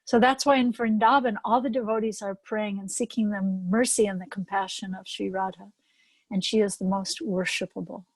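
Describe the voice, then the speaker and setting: An older woman giving a devotional talk, earnest and storytelling, reading scripture verses aloud slowly. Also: mid-range voice, fairly even intonation, dry recording, low-quality recording. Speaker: spiritual teacher.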